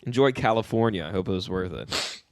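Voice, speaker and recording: A man's voice: low voice, lively intonation, brisk, a little hiss or hum. A young man in his twenties co-hosting a podcast, chatting casually in a crude, joking way and laughing often. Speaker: podcast co-host. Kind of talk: casual chat.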